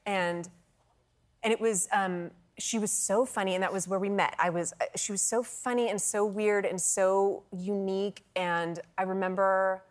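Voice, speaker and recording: A woman's voice: medium pitch, steady tone, normal speed. Chatty, bubbly woman on a talk show. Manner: bubbly, laughs often, lots of "like" and restarts. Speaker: actress and comedian guest. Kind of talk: casual talk show chat.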